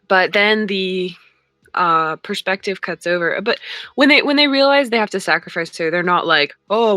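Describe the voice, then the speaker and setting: A young woman co-hosts a casual podcast chat, talking slowly and filling her pauses with ums. Her voice sits a little low but sounds bright. The recording is dry, with faint music behind her. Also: no echo. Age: young adult. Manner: hesitant, many ums, slow retelling. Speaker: podcast co-host.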